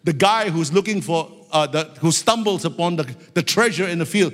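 Guy preaching hard, high voice, big echoey hall, shouts his prayers. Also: expressive, moderate pace. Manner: impassioned, rising to shouts in fervent prayer. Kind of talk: sermon.

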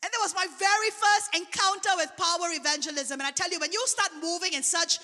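A woman preaching a sermon, telling a testimony in an animated way. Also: very high voice, quick pace. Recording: long hall reverb.

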